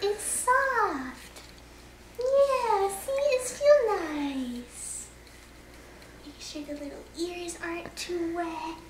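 A woman's voice: very high-pitched, animated, very slow, far from the mic. A young woman, a college student, casually cooing and coaxing her dog in a small dorm bathroom. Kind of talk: casual chat. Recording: echoey, off-mic, noisy phone audio.

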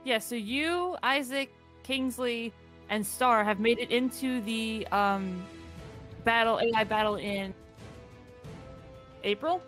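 A woman's voice: on the high side, takes it slowly, long pauses, a bit bright, soft background music. A woman co-hosting a gaming stream, reading out entries in a chatty, casual way. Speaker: stream co-host.

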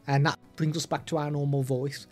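A man's voice: a little high, level tone, fairly quick, soft background music. A man streaming live while demoing audio gadgets, chatty with self-deprecating asides, into a studio microphone. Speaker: streamer reviewing products.

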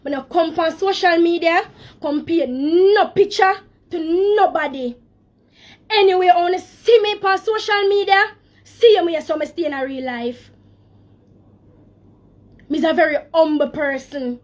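Woman, Jamaican accent, emotional live-stream talk, patois, unhurried delivery. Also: very high-pitched.

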